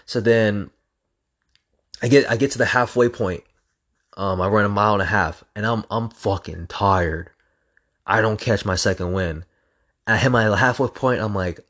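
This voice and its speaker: A young man telling a casual, profane story, acting out the sounds with lively energy. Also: lowish voice, normal speed. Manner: animated, profane, acts out sounds.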